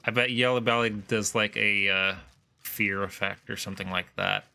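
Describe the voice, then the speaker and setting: Bright-voiced man chatting while gaming. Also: on the low side, fairly even intonation, normal speed, creaky. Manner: thinking aloud, hesitant. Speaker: video game co-op player. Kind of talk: casual gameplay chat.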